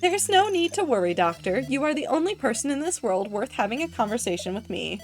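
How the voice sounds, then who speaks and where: A woman's voice: on the high side, very animated, fairly quick, soft background music, pitched above the performer's own voice. A woman voicing a doting, theatrical female AI machine that speaks in fawning, flowery praise. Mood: soothing.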